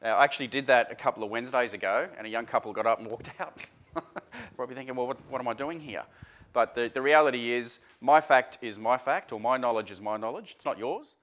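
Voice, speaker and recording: A man's voice: medium pitch, fast, a bit bright. A man presenting a workshop seminar to a live audience in a chatty, informal way, full of fillers and restarts. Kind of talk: casual workshop talk.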